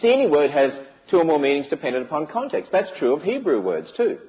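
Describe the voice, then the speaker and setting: A man's voice: a little high, sing-song, fast, highs cut off. A man giving an emphatic preaching lecture to a church audience, with many rhetorical questions. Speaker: speaker on biblical creation.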